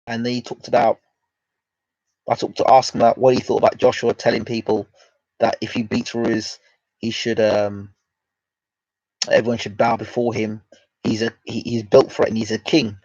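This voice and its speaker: A man's voice: medium pitch, level tone, moderate pace, long pauses, a little mellow, no echo. A man hosting, casually retelling a conversation in a rambling way, stacking "he said, I said" as he goes. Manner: rambling storyteller, repeating "he said, I said". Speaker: host. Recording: dull lo-fi dry recording.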